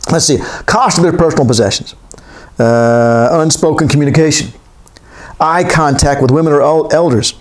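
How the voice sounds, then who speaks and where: A man's voice: a little high, a little mellow. A man giving a classroom lecture, reading from a text and wandering into joking asides.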